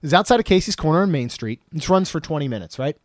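A man's voice: a little high, animated, quick pace, dry recording, clean studio sound. Chatty joking man co-hosting a podcast. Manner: chatty, joking, rambling with restarts. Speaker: podcast co-host. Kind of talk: casual podcast chat.

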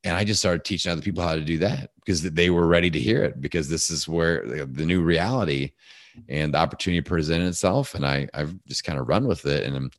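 A man with a big, deep voice, talking casually as a guest in a podcast interview and telling animated stories. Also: quick pace, dry recording, clean studio sound. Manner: animated storyteller, acts out voices.

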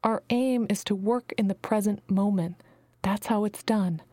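A woman's voice: medium pitch, unhurried, dark tone, no echo, close to an everyday voice. A woman voicing a motherly female healer who calls everyone her babies, speaking soothingly and sometimes dropping to a whisper, in a dry recording. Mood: tender. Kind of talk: audiobook character reading.

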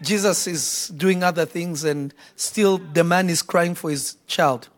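A man preaching a sermon to a church congregation, shouting out points and acting out quotes. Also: on the high side, unhurried. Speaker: pastor. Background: congregation responding.

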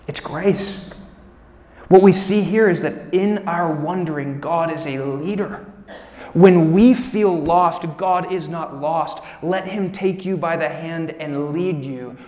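A male pastor preaching a live sermon, animated, acting out his listeners' voices and rushing through asides. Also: on the high side, long reverb tail. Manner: animated, acts out congregants' voices, speeds up on asides. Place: church sanctuary.

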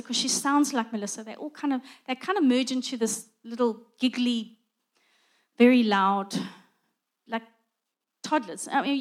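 A middle-aged woman preaching a conversational sermon, acting out little dialogues as she goes. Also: fairly high pitch.

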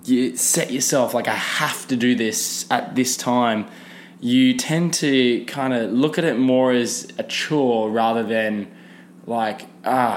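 Young guy, casual podcast rant, rambling with fillers, faint background noise. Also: medium pitch. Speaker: podcast host.

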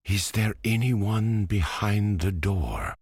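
A man's voice: very deep voice, lively intonation, slow, creaky, a bit bright, breathy edge, no room sound, clean studio sound, exaggerated voice. A man voicing a lead ballerina trying to seem brave, in a bedtime story reading. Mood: wary.

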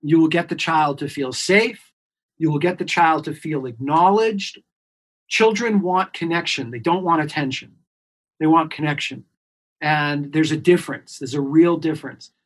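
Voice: medium pitch, moderate pace. Earnest clinician explaining with emphasis. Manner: earnest, emphatic, repeats key points. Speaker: clinician guest. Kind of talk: expert explaining on a podcast interview.

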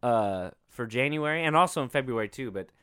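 A man's voice: mid-range voice, lively intonation, fairly quick, fairly bright tone. A man co-hosting a casual podcast, rambling and joking with plenty of fillers and restarts. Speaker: podcast co-host.

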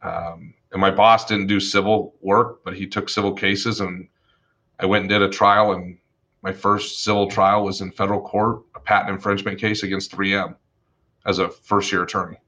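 A man who works as an attorney, telling stories from his career in a casual, animated way, swearing freely and acting out the people he quotes. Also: low-pitched, normal speed. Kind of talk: casual storytelling chat.

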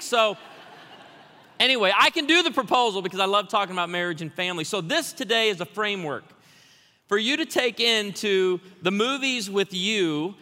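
A man preaches a lively, joking sermon, spinning stories for the congregation. His fairly high voice has a bright, forceful edge, and long reverb rings through the church hall. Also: moderate pace. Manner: humorous, storytelling, animated. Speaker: guest pastor.

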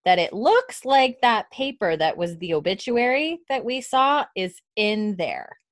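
A woman's voice: mid-range voice, expressive, unhurried, dry recording, studio quality. A woman recapping a TV episode in casual chat, retelling scenes and quoting the characters between fillers. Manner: retells scenes with quoted lines, many fillers and laughs. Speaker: podcast co-host recapping a TV episode.

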